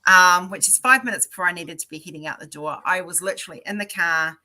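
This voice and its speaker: A woman's voice: fairly low pitch, fast, pushed and bright. A woman hosting a casual livestream chat, greeting viewers by name and telling stories. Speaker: livestream host.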